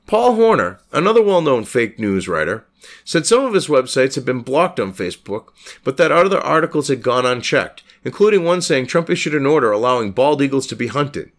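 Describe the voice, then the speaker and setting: Profane ranting man with a gravelly voice. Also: medium pitch, sing-song, normal speed. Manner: profane, scornful, mocking. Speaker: host. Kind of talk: ranting commentary on a news article.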